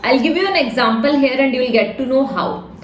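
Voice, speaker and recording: Indian english lady teaching test tips, high voice, pretty echoey room with a little hum behind. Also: expressive, fairly quick. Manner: direct, emphatic, repeats key points. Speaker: exam prep teacher. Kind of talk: instructional talk to camera. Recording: echoey room, faint ambience.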